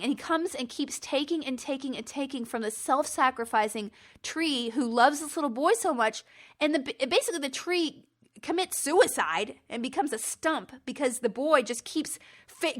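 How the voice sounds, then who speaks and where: A woman hosting a rambling solo podcast, animated and self-mocking, slipping into silly voices. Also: sits high. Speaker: podcast host. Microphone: computer recording.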